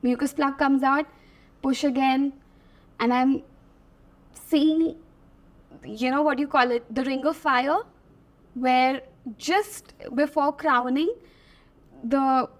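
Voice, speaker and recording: A young woman with an Indian English accent, telling her story as an interview guest, animated and laughing often, slipping between Hindi and English. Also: high-pitched, slow pace, long pauses.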